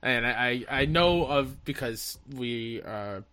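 A man's voice: medium pitch, lively intonation, slow pace, bright, forceful tone, smooth. A man hosting a casual podcast, introducing and interviewing a guest in an upbeat, friendly, rambling way. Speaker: podcast host.

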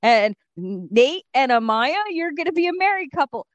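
A woman co-hosts a casual podcast with a lively, swooping voice pitched a bit high. Her delivery is emphatic and animated, and the recording is dry and close. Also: moderate pace, no echo, dull audio. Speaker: podcast co-host.

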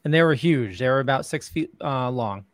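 A man's voice: medium pitch, expressive, fairly quick, no room sound, studio quality. A man talking casually, with lots of hesitant restarts and fillers. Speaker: guest. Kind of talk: casual chat.

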